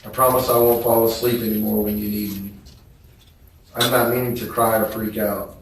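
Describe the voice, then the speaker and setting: A man testifying at a trial, reading text messages aloud in a slow, subdued, flat way. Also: fairly low pitch, a little hiss or hum. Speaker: trial witness. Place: courtroom. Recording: echoey courtroom from far off.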